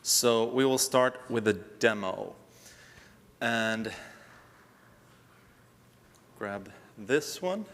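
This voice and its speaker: A man's voice: fairly low pitch, drawn-out words, long pauses, fairly bright tone, big-room sound, a little hiss or hum. A man from Sweden giving a technical talk at a conference, with dry, wry humor. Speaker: conference speaker. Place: large conference hall.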